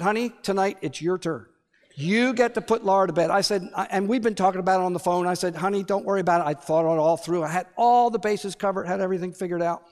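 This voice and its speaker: A male pastor telling a family story in a sermon, with slow, emphatic, deliberate delivery. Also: high-pitched.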